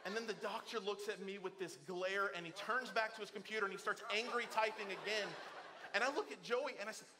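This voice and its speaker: A man's voice: high voice, a little fast, noisy background. A middle-aged man preaching a sermon to a church, telling family stories and acting out the voices of the people in them. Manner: storytelling, animated, acts out quoted voices. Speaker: pastor. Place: church auditorium.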